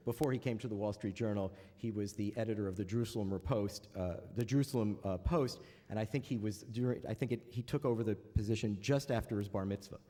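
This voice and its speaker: A man's voice: fairly low pitch, fast, hardly any pauses, warm tone. A man moderating a panel in front of an audience, opening with dry jokes and many hesitant "uh"s. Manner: wry, joking asides between hesitant filler-heavy lines. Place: large lecture hall. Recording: reverberant hall.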